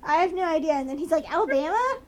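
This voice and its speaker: A woman's voice: sits high, fairly even intonation, very fast. A woman with a slight Southern accent, rambling chattily with fillers while recapping a TV episode as a podcast co-host. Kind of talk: casual chat recapping a TV episode.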